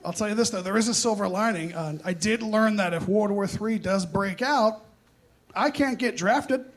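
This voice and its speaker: This young comedian has a high voice and speaks at normal speed during his stand-up set at a comedy club. His humor is loud, punchy and self-deprecating, drawing laughter from the live crowd.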